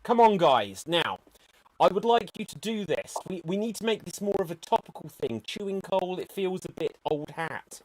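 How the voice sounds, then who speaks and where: A man's voice: sits high, big pitch swings, normal speed. A man playing an exasperated director in an improv comedy show, bossy and dramatic as he stops and restarts scenes. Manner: exasperated, bossy director, calls "cut" and "action".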